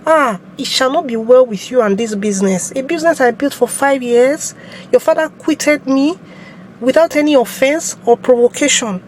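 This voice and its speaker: Woman doing a fed-up nigerian shop girl, high voice, loud and scolding, slight hiss behind. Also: normal speed, natural voice, rough recording. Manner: pleading then scolding, loud and emphatic. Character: young female shopkeeper, aggrieved and defiant. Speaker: evicted shop tenant in a skit.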